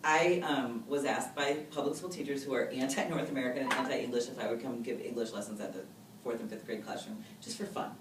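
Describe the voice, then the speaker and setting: A woman in her thirties tells stories from her fieldwork at a brisk pace, heavy on fillers and little re-enacted quotes. She sounds set back from the mic in a roomy space with a faint hiss underneath. Her pitch sits in an ordinary middle range. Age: 30s. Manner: chatty, fast, full of fillers and quoted dialogue. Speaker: researcher guest. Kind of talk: casual conversational interview. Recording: roomy audio, mic a bit distant, faint noise.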